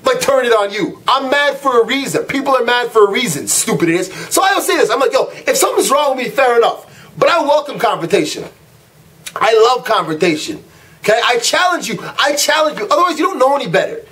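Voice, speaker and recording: Brief: young man with a high voice, animated and exasperated, slangy vlog rant. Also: brisk. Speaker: vlogger ranting. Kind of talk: casual rant to camera.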